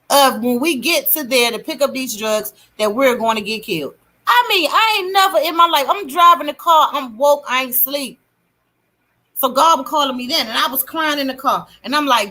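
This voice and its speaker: A middle-aged woman with a voice that sits high speaks at a moderate pace while hosting a livestream. She tells her testimony casually and animatedly, greeting viewers in the chat.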